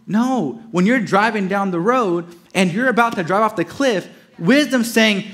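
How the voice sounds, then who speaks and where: A man delivering a sermon as pastor, emphatic, swinging from raised to hushed and stretching key words slowly. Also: sits high.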